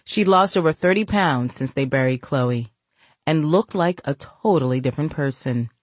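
A woman narrating a novel as an audiobook, reading in a measured, even way. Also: low voice, no room sound. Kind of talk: scripted narration.

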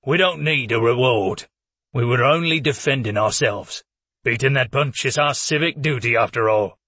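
Male narrator doing a gruff old warrior, husky and grumbling, swears freely. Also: medium pitch, normal speed, pushed and bright, no echo.

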